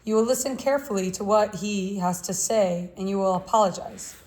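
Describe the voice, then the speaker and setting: A woman's voice: mid-range voice, steady tone, brisk, a little mellow, slight background noise, lightly acted, low-quality recording. A woman reading the part of a stern, worried father who scolds his young son. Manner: agitated, scolding.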